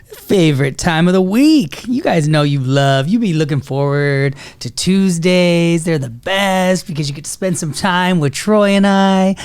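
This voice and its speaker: A man co-hosting a casual business talk, telling stories in a lively way, laughing often and acting out the people he quotes. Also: high-pitched, unhurried, smooth. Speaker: co-host of a business talk show.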